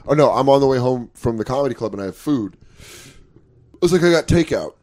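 A man's voice: medium pitch, expressive, fast talker, darkish tone. A man in his thirties with a mid-range voice tells stories in casual chat. He acts out both sides of each exchange with lots of swearing. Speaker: comedian podcast host.

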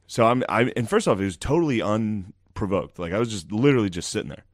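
A man bantering casually with a co-host, teasing him in a deadpan way. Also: on the low side, quick pace, no room sound, studio quality.

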